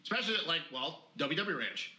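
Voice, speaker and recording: Fast, emphatic man talking racing. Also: on the high side, big pitch swings, bright, forceful tone, roomy sound, rough recording. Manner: fast, emphatic, swears freely. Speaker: podcast co-host. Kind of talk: casual motocross chat.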